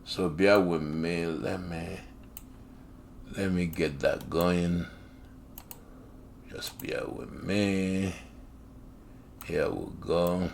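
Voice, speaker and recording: A man's voice: low voice, slow pace, long pauses, slight background noise. A man reading an article aloud and commenting on it. He talks in an emphatic, repetitive and sarcastic way.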